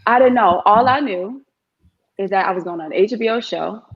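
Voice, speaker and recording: An actress guest in a relaxed interview, telling stories in an animated, talkative way and often checking in with her listener. Her voice sits at an ordinary woman's pitch. The recording is somewhat dull and lo-fi. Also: moderate pace, husky. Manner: animated storyteller, frequent "you know what I mean". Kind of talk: casual interview chat. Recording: slightly dull lo-fi audio.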